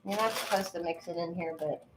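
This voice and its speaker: A woman's voice: fairly low pitch, fairly quick, noisy background. Chatty, swearing woman streamer in her thirties. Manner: chatty, profane, answers chat by name. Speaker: livestream host. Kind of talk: casual chat while baking. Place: home kitchen.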